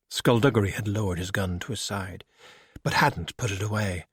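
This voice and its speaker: A man narrating an audiobook in a measured, expressive storytelling manner. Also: lowish voice, slightly rough, no echo, studio quality.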